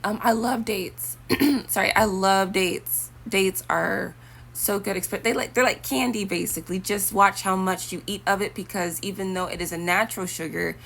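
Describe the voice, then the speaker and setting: A woman's voice: medium pitch, unhurried, gravelly, fairly bright tone. A young woman talking casually to her viewers, rambling and chatty with preachy asides. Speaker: vlogger. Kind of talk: casual talk to camera.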